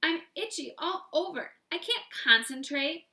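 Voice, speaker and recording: A woman's voice: high-pitched, expressive, a little slow, bright, forceful tone, echoey room, pitched above the performer's own voice, heavily acted. A woman voicing a whiny schoolgirl who complains she itches all over. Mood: whining. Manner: whining.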